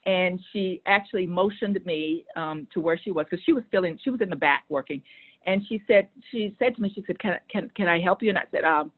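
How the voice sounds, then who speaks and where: A woman telling a personal story in a relaxed, conversational way, often acting out what others said. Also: lowish voice, brisk. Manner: animated, acts out quoted voices. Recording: tinny phone-like line.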